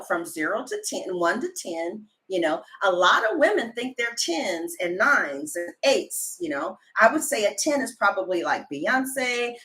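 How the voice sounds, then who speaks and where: A woman tarot reader telling a story to her viewers in a chatty, animated way, full of fillers and sudden loud high exclamations. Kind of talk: casual storytelling chat to live viewers.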